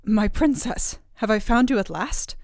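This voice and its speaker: A woman's voice: a little high, measured pace, darkish tone, dry recording, clean studio sound. A woman voicing a faithful king turned into a blue bird, speaking tenderly in a storybook reading. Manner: tender, devoted.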